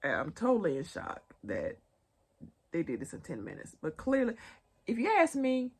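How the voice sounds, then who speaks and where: A young adult vlogger with a Southern accent speaks at a normal speed in a fairly low, husky, creaky voice with a darkish tone and huge swings in pitch. Chatting casually through a pop-culture news recap, she addresses her viewers as y'all and laughs in asides.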